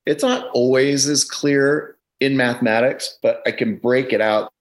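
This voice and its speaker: A man's voice: medium pitch, a little slow, rough recording. A middle-aged man guesting on a podcast over a video call, talking in an emphatic, explanatory way and leaning on data to make his case. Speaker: education consultant, podcast guest.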